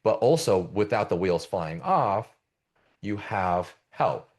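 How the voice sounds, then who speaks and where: A man with a very deep voice coaching agency owners. He talks in a loose, conversational way and keeps checking in with "right?" as he explains. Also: expressive, slow pace. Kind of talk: presenting a business coaching session.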